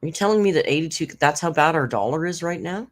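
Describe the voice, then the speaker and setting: A woman's voice: low-pitched, expressive, fast talker. A woman hosting a reaction commentary, sarcastic and blunt, swearing freely. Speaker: commentary channel host.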